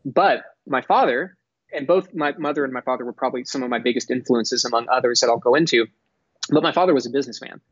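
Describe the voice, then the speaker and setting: A man's voice: mid-range voice, husky, no echo. Articulate young man, dry muffled sound. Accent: none, mostly neutral American with a faint Texas drawl at times. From Dallas, Texas. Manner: articulate, earnest, measured with frequent restarts. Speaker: guest, entrepreneur. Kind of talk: podcast interview.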